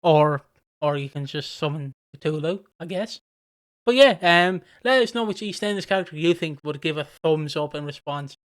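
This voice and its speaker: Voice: mid-range voice, moderate pace. Giggly podcast co-host. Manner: giggly, animated anecdotes, mimics voices. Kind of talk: casual podcast chat.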